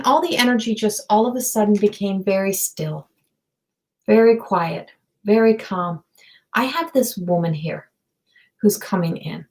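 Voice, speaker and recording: Soft-spoken woman medium, halting speech. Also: mid-range voice, low-quality recording. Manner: halting, searching, many fillers and restarts. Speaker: intuitive medium. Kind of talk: live-streamed psychic reading.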